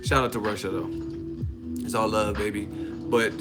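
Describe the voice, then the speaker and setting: A man's voice: on the low side, normal speed, long pauses. Joking man hosting a boxing livestream. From Northern California. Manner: joking, rambling, laughs often. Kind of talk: casual livestream commentary. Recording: music playing behind.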